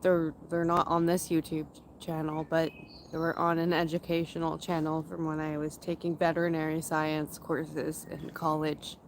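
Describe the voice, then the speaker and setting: A woman in her thirties from Canada, casually chatting with her livestream viewers in a slow, rambling way, with a runny nose. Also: sits low, completely flat delivery, a little hiss or hum. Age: 30s. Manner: slow, rambling and chatty, with frequent fillers and laughs. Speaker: livestream host. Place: outdoors in a forest area.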